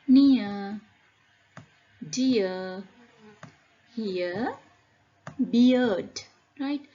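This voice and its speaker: A woman teacher giving a phonics lesson, reading word lists aloud slowly and deliberately, calling out each word loudly. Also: on the high side, highs cut off.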